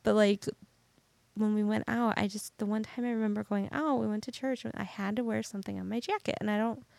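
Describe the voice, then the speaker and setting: Hesitant young woman with a gravelly voice. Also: mid-range voice, fairly even intonation, brisk, a little mellow, no echo. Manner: rambling, hesitant, many "like" fillers. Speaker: podcast co-host. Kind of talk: casual chat.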